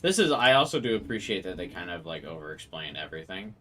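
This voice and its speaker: A man's voice: low voice, sing-song, fast, pushed and bright. A young man with a congested nose, chatting casually and rambling while playing a game, with game music behind him. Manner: rambling, swears casually, many filler likes. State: congested from allergies. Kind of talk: casual gameplay chat.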